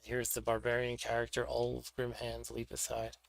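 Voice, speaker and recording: A man's voice: medium pitch, monotone, normal speed, vocal fry, no echo. A man hosting a board game stream, chatting casually and thinking aloud as he sets up pieces for a solo game. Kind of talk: casual solo play-through commentary.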